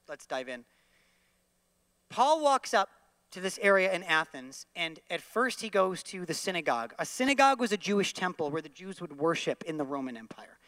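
A man preaching a sermon in an animated way, leading his listeners, including those at home, in repeating lines after him. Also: high-pitched, dry recording. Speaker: pastor.

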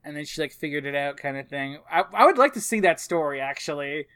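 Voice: mid-range voice, expressive, fast talker, fairly bright tone, no echo. A co-host on a casual podcast, chatty, who says "like" a lot.

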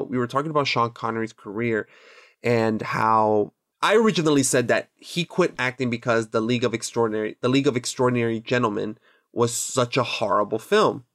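Rambling, animated male podcast host. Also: mid-range voice, no echo, studio quality. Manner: rambling, animated storytelling with many restarts. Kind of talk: casual chat.

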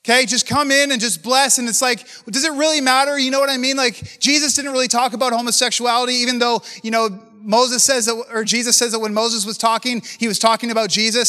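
A pastor preaches fervently in a high, bright voice with an edge. He addresses leaders loosely and conversationally, tossing out one rhetorical question after another. Long reverb makes it sound like a large hall.

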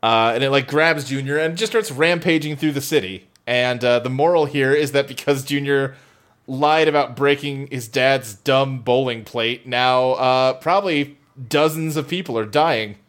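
A man with a mid-range, fairly bright voice speaks at a moderate pace while co-hosting a casual comedy podcast. He recaps a cartoon's plot, cracking jokes and laughing often.

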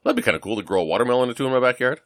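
A man's voice: mid-range voice, lively intonation, racing, fairly bright tone, no room sound. A man from the United States co-hosting a casual chat, rambling and self-deprecating with many fillers and restarts. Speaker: podcast co-host.

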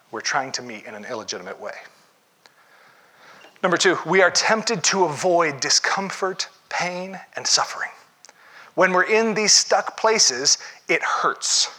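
A man preaching a sermon as a pastor, talking it through conversationally with rhetorical questions and quick restarts. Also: on the high side, bright, forceful tone.

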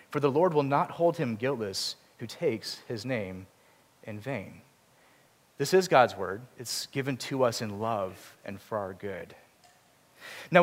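A man preaching a sermon in a church, earnest and explanatory, with self-deprecating asides. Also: medium pitch. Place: church sanctuary. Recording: long reverb of a church hall.

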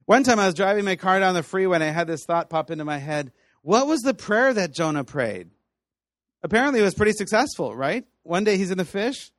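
A man teaching a class on the Bible, telling stories with animated voices and frequent laughs. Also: sits high, fairly quick, dry recording, studio quality. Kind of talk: lively teaching talk to students.

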